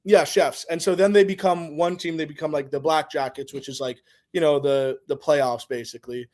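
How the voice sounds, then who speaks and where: A man's voice: a little high, steady tone, normal speed, a little mellow. A man explaining things loosely in casual podcast chat, rambling with lots of fillers and the odd swear word.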